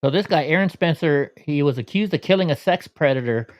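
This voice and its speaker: A man's voice: on the high side, lively intonation, fairly quick. A man hosting a casual commentary vlog, sarcastic and grumbling, out of breath from walking. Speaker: vlogger.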